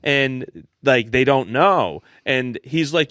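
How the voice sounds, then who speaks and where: A man's voice: unhurried, no echo, studio quality. A young man co-hosting a casual podcast, telling stories and acting out the people in them with big jumps in his voice. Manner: animated storyteller, acts out quotes with big pitch jumps. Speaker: podcast co-host.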